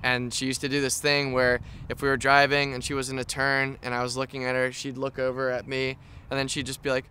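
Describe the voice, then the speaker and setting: Animated man with a bright voice. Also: mid-range voice, fairly quick, a little hiss or hum. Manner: animated, affectionate. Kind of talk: casual storytelling chat.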